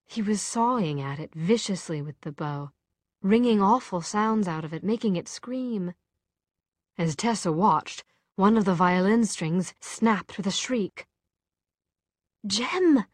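An audiobook narrator reads scripted material in a slow, measured way. Her voice is mid-range, and the sound is clean studio audio with no echo.

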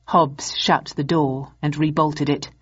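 A woman narrating a novel in a measured, unhurried way. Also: sits low, flat delivery, slightly rough, dry recording, lo-fi sound. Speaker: audiobook narrator. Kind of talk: scripted narration.

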